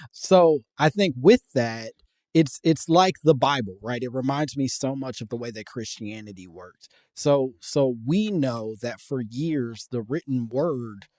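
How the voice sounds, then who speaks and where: A man's voice: medium pitch, slow, dry recording. Joking male podcast host, dry sound. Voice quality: loose, joking, bursts of loud laughter. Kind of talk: casual podcast chat.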